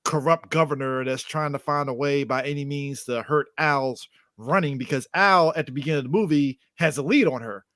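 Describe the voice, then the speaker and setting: Man, podcast co-host, chuckling, run-on explaining, fairly high voice, dry close sound. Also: fairly quick, a bit bright, dry recording. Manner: chuckling, explains plot in long run-on sentences. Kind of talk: casual chat.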